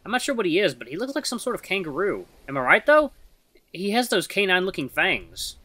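A game streamer reading the narration of a visual novel aloud in a lowered, steady voice. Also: fast talker, breathy edge, dry recording.

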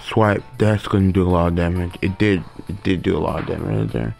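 A man's voice: low-pitched, fairly even intonation, a little fast, creaky, darkish tone, soft background music. A man casually commenting on his own gameplay, rambling with frequent fillers and restarts, sometimes yawning. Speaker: gaming video creator.

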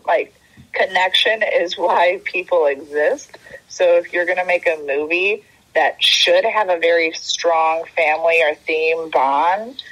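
A woman's voice: fairly low pitch, fairly bright tone, poor audio. A woman appearing as a guest on a podcast, giving frank, critical opinions in a casual chat about a movie.

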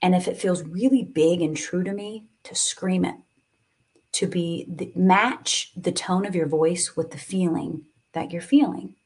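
A woman's voice: lowish voice, a little slow, darkish tone, husky. A woman guiding a live tapping and breathing session, speaking soothingly and coaxingly, with sighs and moments of emotion.

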